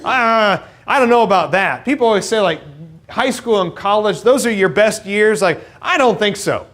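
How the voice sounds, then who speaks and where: A young male preacher delivers an earnest sermon in a church. His voice sits high and swings widely in pitch as he builds to emphatic points, and he breaks them up with self-deprecating asides. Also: animated, normal speed, a bit bright.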